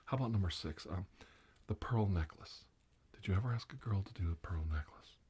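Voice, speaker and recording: A man doing a whispered role-play as a comic ASMR host, teasing and mock-soothing, with soft talk and whispers. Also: sits low, lively intonation, brisk, a little hiss or hum.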